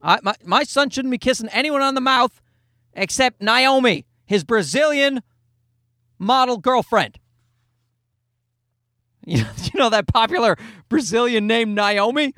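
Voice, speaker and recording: A man's voice: very high voice, animated, a little slow, pauses often, sharp tone, dry recording, studio quality. A man, a father, casually telling a rambling, self-mocking anecdote in a jokey monologue.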